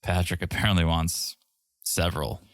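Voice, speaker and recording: Deep-voiced man with dry sarcastic quips. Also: flat delivery, normal speed, dry recording. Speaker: podcast co-host. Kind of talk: casual chat recapping a reality show.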